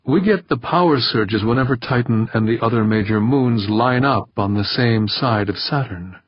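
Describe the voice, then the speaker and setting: A man voicing a precise male mathematician who explains matter-of-factly with a sharp edge. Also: medium pitch, moderate pace, breathy edge, dry recording, dull audio, close to an everyday voice. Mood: explaining. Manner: matter-of-fact, slightly sharp.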